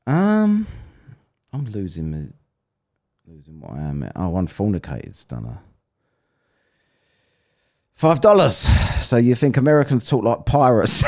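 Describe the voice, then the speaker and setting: A man's voice: lowish voice, wildly swooping pitch, measured pace, pauses often, darkish tone. An English man commenting casually on a live stream, chatty and rambling, joking and laughing as he reads the chat. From England. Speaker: streamer reviewing a debate and reading chat.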